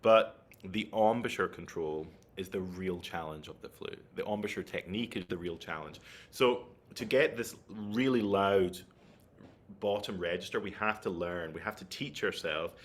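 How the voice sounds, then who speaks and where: A man's voice: low voice, normal speed. A man giving an online flute masterclass, explaining technique and checking in with his listeners as he goes. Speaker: flute teacher.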